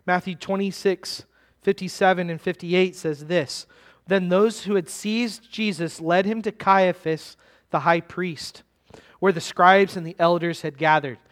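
Male pastor, high voice, emphatic sermon delivery, drawn-out stresses, chatty asides. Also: fairly even intonation. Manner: emphatic, slowing down to stress key words; conversational asides to the congregation.

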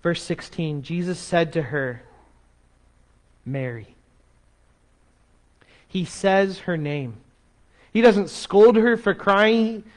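A man preaching a sermon as pastor, expressive, dropping to a soft slow voice to make a point. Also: sits high.

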